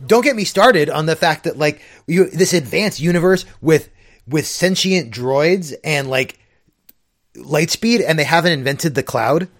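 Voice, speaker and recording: A man's voice: fairly high pitch, a little slow, a bit bright. A man co-hosting a casual chat who talks thoughtfully, hedging often with "like" and "I mean.". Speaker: podcast co-host.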